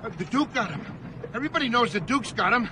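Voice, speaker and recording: A giggly old cabbie. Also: male voice, very high voice, expressive, fast, noisy background. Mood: jolly. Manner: laughing, garrulous, folksy. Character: cheerful chatty old male cab driver. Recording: film clip with music underneath.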